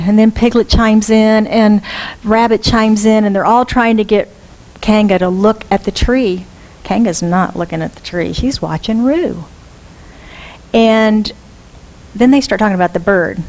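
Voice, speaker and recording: A woman minister giving a storytelling sermon, lively and asking the congregation questions. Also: on the high side, measured pace. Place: church.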